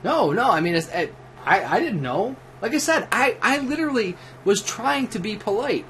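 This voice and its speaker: A man's voice: sits high, big pitch swings, moderate pace, a bit bright, a little hiss or hum. Drunk, foul-mouthed man telling a story. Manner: profane, rambling, with restarts and laughs. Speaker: livestream host. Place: at home while gaming.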